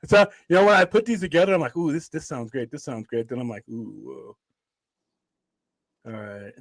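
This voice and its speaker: A man's voice: medium pitch, normal speed, creaky, no room sound, rough recording. A man hosting a charity movie livestream in casual chat, rambling and swearing freely. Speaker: livestream host.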